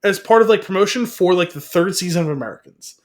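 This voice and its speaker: A man's voice: sits high, fast. A man co-hosting a podcast, chatting casually, asking questions and telling anecdotes. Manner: conversational, asks questions, recounts anecdotes. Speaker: podcast co-host. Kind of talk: casual chat.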